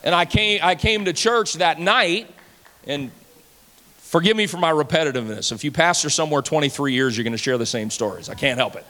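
Male pastor, fifties, sermon; conversational storyteller, bright tone, reverb of a large hall. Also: a little high, brisk. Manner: conversational storytelling preacher, acts out dialogue, repeats words.

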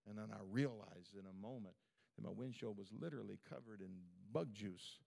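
A man's voice: fairly low pitch, fairly quick, creaky, warm tone. A male pastor preaching a sermon at a church service in a fervent, conversational way, with lots of repetition.

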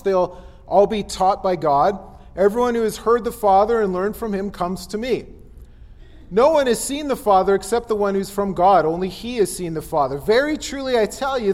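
A man with a high, light voice preaches in a relaxed, conversational way, laughing often and slipping into playful voices as he reads. His voice rings with a long reverb. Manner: casual, animated, laughs often, mimics voices. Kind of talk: sermon.

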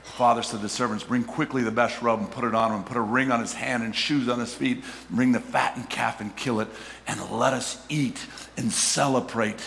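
Bright-voiced pastor preaching in a hall. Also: male voice, medium pitch, steady tone, fairly quick, gravelly, a little hiss or hum. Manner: conversational preaching, rising to shouts for emphasis. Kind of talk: sermon. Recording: hall reverb, faint ambience.

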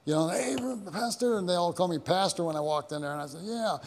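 Male pastor, slightly high voice, rambling sermon delivery, echoing church hall. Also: quick pace. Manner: rambling, many repeated words and restarts. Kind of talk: preaching sermon with storytelling. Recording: long hall reverb.

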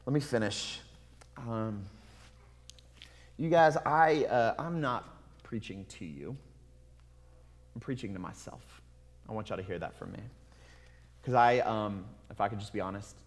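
A man preaching a sermon in an earnest, confessional way, moving from hushed to loud. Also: fairly low pitch, measured pace, pauses often. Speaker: pastor. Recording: long hall reverb.

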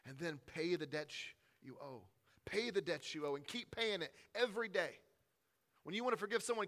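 Bright-voiced man preaching a sermon. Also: on the high side. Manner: conversational, emphatic preaching, swinging between forceful and hushed. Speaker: pastor.

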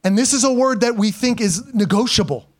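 Middle aged pastor guy preaching to his church, highish voice, gets loud then goes quiet. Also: fairly quick. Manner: energetic, call-and-response preaching with swings from loud to hushed. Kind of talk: sermon. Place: church sanctuary before a congregation.

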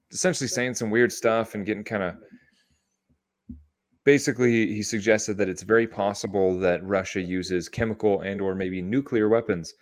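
A young man co-hosting a podcast in casual, joking chat, full of "dude" and "bro". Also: on the low side. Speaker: podcast co-host.

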